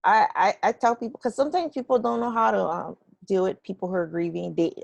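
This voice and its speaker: A woman's voice: medium pitch, a little fast, vocal fry, dry recording, lo-fi sound. A woman hosting a podcast interview, speaking earnestly and reflectively in a conversational way. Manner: earnest, reflective, with some restarts. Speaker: podcast host.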